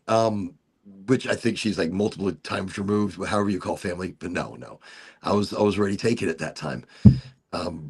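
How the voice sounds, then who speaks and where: Telling a profanity-filled story on a casual chat, this host slips into mock British accents whenever he quotes someone. His voice is fairly low, creaky, and edged with breathiness.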